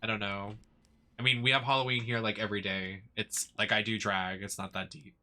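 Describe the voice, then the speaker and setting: A man's voice: on the low side, flat delivery, brisk, bright, forceful tone. A man who streams games and performs in drag, giving chatty, campy commentary that rambles with lots of fillers. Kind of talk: casual gameplay commentary.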